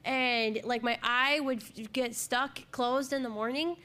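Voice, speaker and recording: A woman's voice: fairly high pitch, steady tone, measured pace, bright, forceful tone. A woman co-hosting a podcast, chatting casually and telling a personal story. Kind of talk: casual chat.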